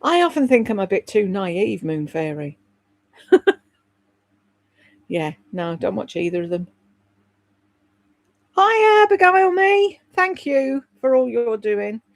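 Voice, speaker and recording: A woman's voice: a little high, big pitch swings, slow pace, pauses often, no echo. A woman hosting a livestream, gossiping bluntly, swearing freely and answering viewers' comments by name. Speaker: livestream host. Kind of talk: casual gossip chat reading viewer comments.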